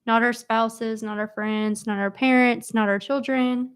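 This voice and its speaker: A woman reading scripture aloud, then leading a casual church Bible study slowly with many pauses and fillers. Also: on the high side, fairly even intonation, smooth. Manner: slow, halting, with many fillers.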